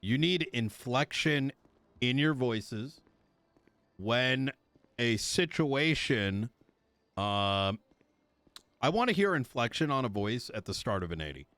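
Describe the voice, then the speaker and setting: A man's voice: medium pitch, expressive, slow, long pauses, fairly bright tone, no room sound. A man playing a police chief in a streamed roleplay, lecturing his officers in a blunt, profane way. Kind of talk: streamed roleplay meeting speech.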